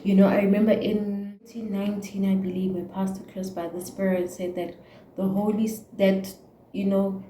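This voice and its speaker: A young woman with a South African accent speaks in a mellow, dark voice, preaching from the heart to her viewers. Her words bounce around an echoey room with a faint hiss behind them. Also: medium pitch, flat delivery, normal speed. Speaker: YouTuber. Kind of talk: emotional casual rant to camera.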